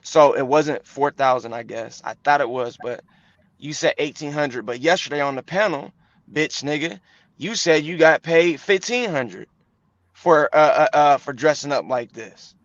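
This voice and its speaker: Guy calling out someone on a live call, kinda high voice, dull lo-fi dry sound. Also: normal speed, no echo. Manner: confrontational, profane, repeats himself. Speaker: live stream guest. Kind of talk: heated live stream argument.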